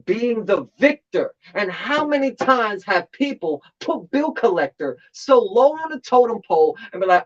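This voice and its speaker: A man in casual commentary on a battle rap tournament, talking in an animated way and repeating phrases for emphasis. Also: high-pitched, unhurried, few pauses. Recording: slightly dull lo-fi audio.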